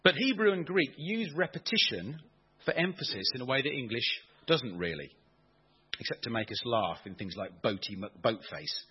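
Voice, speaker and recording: A man preaching a sermon, animated and playful, asking the congregation questions as he explains. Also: mid-range voice, moderate pace, breathy edge, muffled recording.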